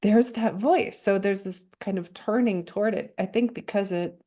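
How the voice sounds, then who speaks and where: A woman speaking as a guest poet in a reflective conversation, halting and thoughtful, with soft laughs between her words. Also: medium pitch.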